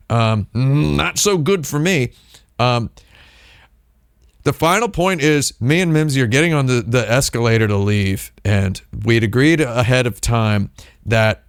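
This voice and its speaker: A man hosting a casual livestream, telling a long story in a rambling way, with plenty of fillers and restarts. He talks at an ordinary pitch. The sound is dry and close, with no room echo. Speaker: streamer host.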